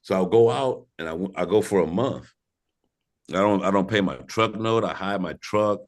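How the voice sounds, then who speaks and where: Man, from St. Louis, very low voice, podcast guest, laid-back, profane, storytelling. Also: normal speed. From St. Louis, Missouri. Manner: laid-back, profane, laughs through his stories. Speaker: podcast guest, former pro skateboarder. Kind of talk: casual storytelling interview.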